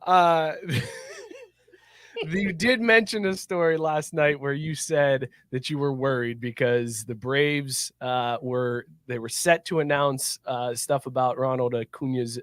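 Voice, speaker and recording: A man's voice: mid-range voice, animated, slow, a bit bright, no room sound, studio quality. A man hosting a casual podcast, laughing often and telling eager stories. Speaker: podcast host.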